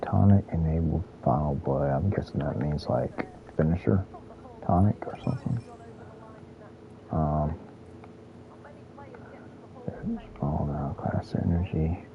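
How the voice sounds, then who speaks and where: Gravelly-voiced man rambling over gameplay. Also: very deep voice, takes it slowly, pauses often, narrow, tinny audio, a little hiss or hum. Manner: rambling, thinks aloud, frequent fillers. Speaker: gaming streamer, military veteran. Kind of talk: casual let's-play commentary.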